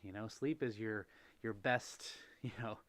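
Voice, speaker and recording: A man's voice: on the low side, measured pace. A young man hosting a holiday livestream in a casual, gushing way, reading out and answering chat messages. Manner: gushing, softly animated, reads out chat messages. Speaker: livestream host.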